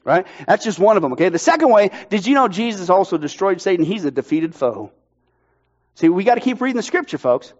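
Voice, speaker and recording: High-voiced energetic preaching man. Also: fast. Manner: energetic, emphatic, jokey. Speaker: pastor. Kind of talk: sermon. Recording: dull lo-fi sound.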